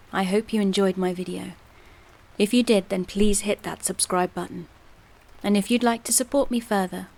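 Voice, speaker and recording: A woman hosting a channel and calmly narrating scary stories in a steady storytelling voice. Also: mid-range voice. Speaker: host and narrator of horror stories. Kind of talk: scripted horror story narration.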